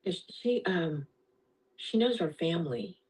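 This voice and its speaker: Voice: mid-range voice, sing-song, measured pace, a little mellow, husky, far from the mic, low-quality recording. A workshop participant speaking hesitantly in casual conversation, searching for words.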